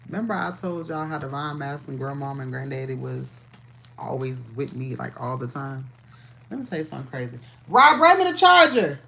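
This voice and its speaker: A woman giving a casual, profane livestream tarot reading, chatty and quick to laugh. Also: rumbling low, vocal fry, slight background noise. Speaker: tarot reader.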